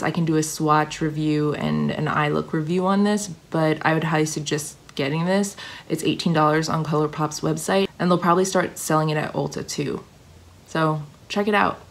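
A woman reviewing makeup products in casual, gushing chat, her voice a little hoarse because she is getting sick. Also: low voice. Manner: gushing, chatty, restarts often. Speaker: beauty vlogger.

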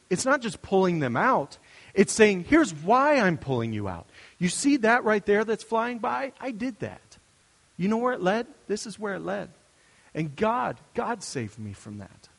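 A man's voice: sits high, creaky, in a large hall. A young adult male pastor giving a conversational, story-driven sermon. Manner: storytelling, conversational, with restarts and asides.

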